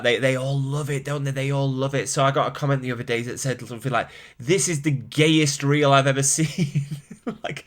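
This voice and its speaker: Fitness youtuber guy, mild manchester accent, frank rant to camera, swears a bit, mid pitch. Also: a bit bright. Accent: mild Mancunian. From Manchester, England. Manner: frank, exasperated, laughs at himself, swears casually.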